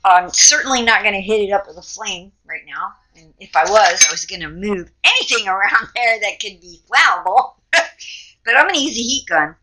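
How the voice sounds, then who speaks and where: A middle-aged woman hosting a casual art demo, excitable and swearing freely as she works, in her home studio. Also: medium pitch, normal speed, poor audio. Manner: excitable, swearing, gasps and laughs at the results. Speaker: art tutorial host. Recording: loud heat gun noise behind.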